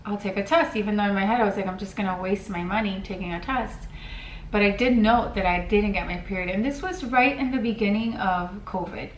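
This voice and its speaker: A woman's voice: medium pitch, brisk, slight background noise. A woman in her thirties telling a personal story on her vlog in an earnest, heartfelt way. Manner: earnest, heartfelt, emotional at times. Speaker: vlogger. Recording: echoey room, mic at a distance.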